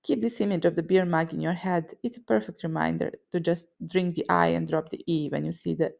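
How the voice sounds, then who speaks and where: Woman language teacher, strong vocal fry, gravelly, scripted lesson, lively picture-based explanations. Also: on the low side, brisk. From Serbian-speaking region. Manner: lively, explains sounds with vivid mental images.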